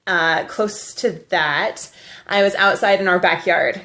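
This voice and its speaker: A woman's voice: mid-range voice, slow, sharp tone. Woman vlogger, casual storyteller, laughs easily, handheld camera. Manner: chatty, laughs often.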